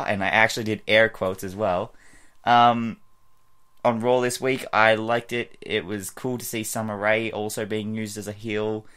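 A man's voice: on the low side, fairly bright tone, clean tone. A man casually talking through his wrestling predictions in a video blog, rambling with lots of fillers and restarts. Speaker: wrestling fan vlogger.

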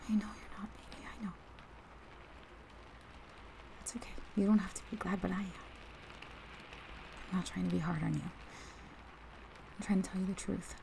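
A woman doing a loyal, protective best friend, gravelly and warm. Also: lowish voice, fairly even intonation, fairly quick, long pauses, a little hiss or hum, low-quality recording. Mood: gentle, comforting. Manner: heated then tender, talks straight to the listener. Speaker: ASMR role-play performer. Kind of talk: whispered role-play.

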